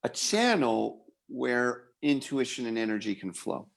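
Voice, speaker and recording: A man hosts a spiritual talk in a reflective, conversational way. His voice has a gravelly texture at a mid pitch. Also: big pitch swings, unhurried. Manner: reflective, thanks and announces. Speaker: host. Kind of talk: conversational talk show hosting.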